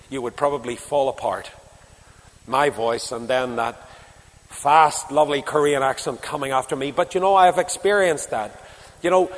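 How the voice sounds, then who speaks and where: A Northern Irish man delivers an impassioned sermon in a fairly high voice. He climbs to loud emphasis, then drops to quiet asides. A long hall reverb trails every phrase. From Northern Ireland. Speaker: preacher.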